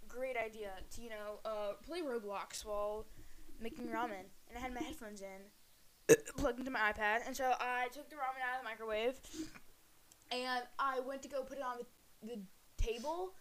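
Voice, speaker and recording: A woman's voice: a little high, steady tone, normal speed, a crowd in the background. A young woman co-hosting a podcast, telling a story in casual chat, often laughing and restarting. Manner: laughing, self-interrupting storytelling. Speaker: podcast co-host.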